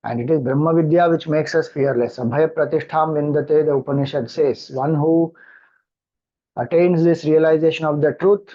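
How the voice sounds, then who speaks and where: A man with an Indian English accent teaches scripture in a slightly high, patient voice. He chants verses slowly and then unpacks them one phrase at a time. The recording sounds dull and lo-fi. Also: steady tone, mellow. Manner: slow, explanatory, chants mantras then explains. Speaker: spiritual teacher. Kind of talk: scripture discourse.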